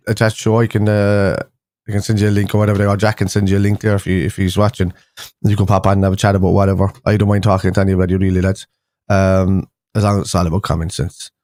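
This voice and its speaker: His voice is fairly low and a bit mellow as this young fan show host chats loosely with viewers on a casual live stream, rambling through fillers and restarts. The recording is dry and studio quality.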